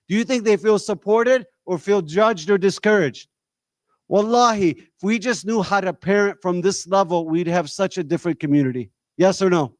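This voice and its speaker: A man's voice: high-pitched, no echo. A man leads a community discussion. He speaks directly to a live audience, pressing them with rhetorical questions. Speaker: discussion leader.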